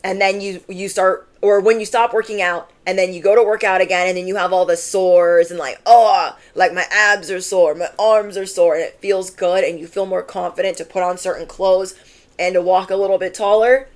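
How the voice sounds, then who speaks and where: A woman's voice: medium pitch, fairly even intonation, fairly quick, darkish tone. A woman giving a channeled tarot reading in an emphatic, chatty way, full of "like" and asides to the listener. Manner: emphatic, conversational, fillers. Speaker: tarot reader.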